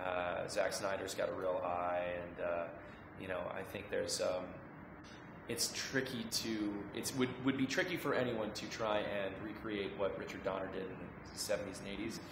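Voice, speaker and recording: A man in his thirties, an actor answering interview questions in a friendly, halting way with many fillers and restarts. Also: low-pitched, fairly even intonation, vocal fry, background noise. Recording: echoey room with background music.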